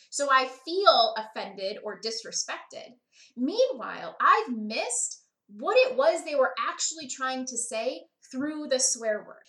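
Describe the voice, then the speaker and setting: A woman with a high, bright voice hosts a podcast, explaining ideas in a lively, conversational way. She keeps checking in with her listeners as she talks. The sound rings with the echo of the room. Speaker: podcast host. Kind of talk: podcast teaching talk.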